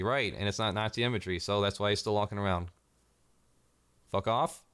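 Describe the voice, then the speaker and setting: A man's voice: lowish voice, a little fast, a bit bright, clear, resonant tone. A man delivering a sarcastic, profanity-heavy commentary rant as a vlogger.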